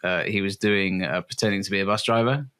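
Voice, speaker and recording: A man's voice: sits low, steady tone, fast talker, fairly bright tone, clean tone. A man co-hosting a podcast in casual chat, telling stories in a dry, self-deprecating way. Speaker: podcast co-host.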